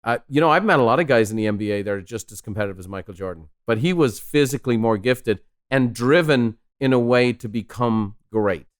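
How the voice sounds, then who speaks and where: A man's voice: medium pitch, brisk, few pauses. A man hosting a podcast interview, chatting conversationally with a few joking asides. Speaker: host.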